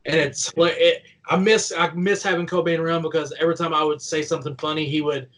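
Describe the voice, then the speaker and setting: A man's voice: a little high, steady tone, fast talker, a bit bright, low-quality recording. A young man from Kentucky with a light country twang, telling stories as a guest in a casual interview, rambling with lots of "like". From Kentucky, USA. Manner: rambling and chatty, full of "like", laughing while telling stories. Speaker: guest, professional wrestler.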